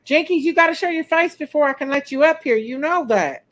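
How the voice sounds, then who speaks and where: A woman's voice: high voice, fairly quick. A woman hosting a casual live-stream chat, defensive and bickering back at a guest.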